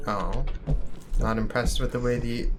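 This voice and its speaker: A man's voice: mid-range voice, steady tone, unhurried, background noise. Chatty man narrating his gameplay. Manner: jokey, rambling, self-deprecating. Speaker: gaming channel host. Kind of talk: casual let's-play commentary. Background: game music.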